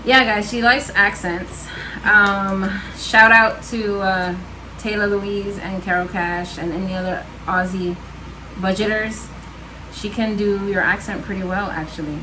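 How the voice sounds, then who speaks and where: A woman's voice: mid-range voice, fairly even intonation, measured pace, noisy background. A woman chatting casually on her home vlog, answering questions with lots of fillers and laughs. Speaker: vlogger. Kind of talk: casual chat.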